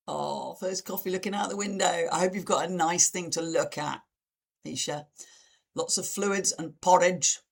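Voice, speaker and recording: A woman's voice: normal speed, creaky, slightly rough. A woman giving a live online talk as presenter, over a video call, acting out quoted reactions with big sudden jumps in voice. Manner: lively, acts out dramatic quotes with big pitch jumps. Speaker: webinar presenter.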